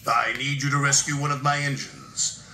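A man's voice: mid-range voice, fairly even intonation, moderate pace, vocal fry, pushed and bright, a little hiss or hum. A man voicing a dignified railway controller who speaks proudly and with authority, in a storybook reading. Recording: roomy room with background music.

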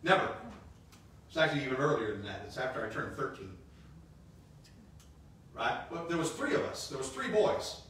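Fifties guy preaching, high sharp voice, keeps repeating lines for punch, big echo from far off mic. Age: 50s. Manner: emphatic, repeats phrases, joking asides. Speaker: pastor. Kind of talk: sermon. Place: church sanctuary. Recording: echoey hall, distant mic, faint hiss.

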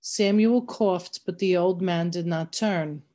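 A woman with a fairly low voice reads a novel aloud. Her narration is steady and measured, carrying the story along evenly. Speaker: reader.

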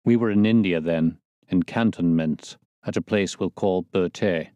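A man reading a bitter, crippled old ex-soldier, slow and brooding, in an audiobook. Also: sits low, mellow, dry recording, muffled recording.

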